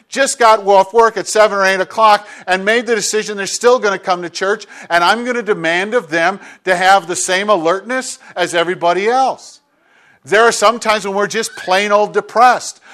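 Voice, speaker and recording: A man's voice: high voice, a bit bright. A man preaching a sermon as a pastor, talking conversationally and acting out little bits of dialogue.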